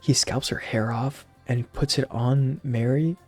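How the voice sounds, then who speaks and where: A man's voice: medium pitch, steady tone, measured pace, faint music behind. Rambling slangy young man. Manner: rambling, slangy, full of fillers. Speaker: channel host. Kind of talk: casual movie recap.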